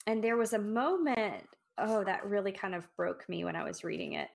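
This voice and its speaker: A woman's voice: mid-range voice, moderate pace, creaky. Reflective woman co-hosting a book podcast. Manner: reflective, thinking aloud with restarts. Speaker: podcast co-host. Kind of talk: casual book discussion.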